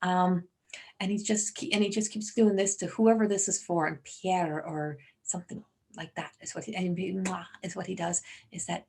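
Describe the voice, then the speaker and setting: A woman's voice: lowish voice, fairly even intonation, normal speed, dark tone, husky. Woman giving a rambling psychic reading. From Newfoundland, Canada. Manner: rambling, trailing off and restarting, relaying messages. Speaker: psychic medium. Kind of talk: live-stream reading.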